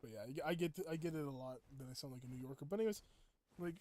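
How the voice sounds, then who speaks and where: A man chatting casually with viewers while playing a game, rambling and breaking into excited outbursts. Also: medium pitch, racing. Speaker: game streamer. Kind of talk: casual gameplay chat with viewers.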